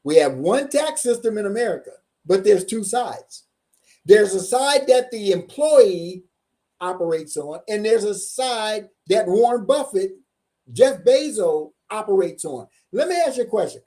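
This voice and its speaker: A man's voice: high-pitched, lively intonation, unhurried, dark tone. A man delivers a motivational seminar presentation as a tax coach. He speaks emphatically, drawing out his key points and repeating them. He keeps asking his audience questions to pull them in.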